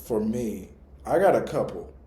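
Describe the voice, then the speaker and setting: A young man chats casually on a podcast, his voice mellow and soft-edged. He talks in a laid-back, slangy, thoughtful way. The room adds a noticeable echo around him. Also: fairly low pitch, moderate pace. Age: young adult. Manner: relaxed, slangy, reflective. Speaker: podcast co-host. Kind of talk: casual storytelling.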